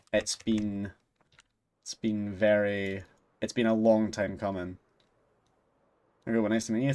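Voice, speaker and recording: A man's voice: fairly low pitch, darkish tone. A Scottish man chatting casually with his viewers on a game stream, easygoing and self-deprecating, laughing often. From Scotland. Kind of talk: casual game livestream chat.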